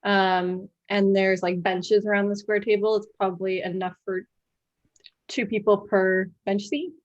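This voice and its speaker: Slow-paced woman game master. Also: mid-range voice, fairly even intonation, muffled recording. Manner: halting, with frequent fillers. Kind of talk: narrating a tabletop game.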